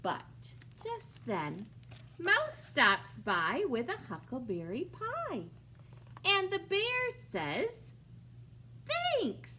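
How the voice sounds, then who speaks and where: A woman librarian reading a picture book aloud at a preschool storytime, pausing to ask the young listeners questions. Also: sits high, huge pitch swings, sharp tone, slight background noise. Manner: slow, sing-song, asks young listeners questions. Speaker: children's librarian.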